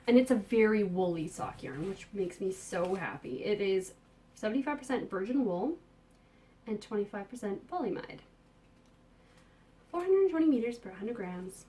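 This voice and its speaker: A woman's voice: medium pitch, big pitch swings, normal speed. Chatty woman gushing over yarn. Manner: enthusiastic and gushing, with soft muttered asides. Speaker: podcast host and yarn dyer. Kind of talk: casual chatty podcast, showing yarn. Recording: distant mic with faint background noise.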